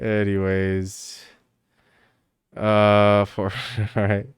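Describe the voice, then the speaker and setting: A man's voice: mid-range voice, slow, a bit bright, smooth, dry recording, clean studio sound. A man streaming live, chatting casually to his viewers, swearing freely and rambling between bursts of laughter. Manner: profane, rambling, laughs a lot.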